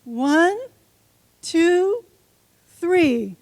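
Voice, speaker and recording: A woman's voice: extremely high pitch, animated, extremely slow, a little mellow, no echo. A woman giving a short conference talk who leads the audience in an improv exercise, coaxing the crowd playfully. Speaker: conference speaker. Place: conference hall stage.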